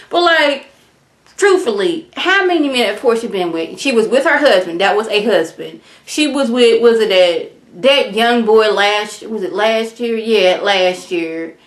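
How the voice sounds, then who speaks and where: A woman's voice: fairly high pitch, animated, measured pace. A woman, chatting casually as she recaps a reality show and acts out the cast's quotes in voices. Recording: echoey room.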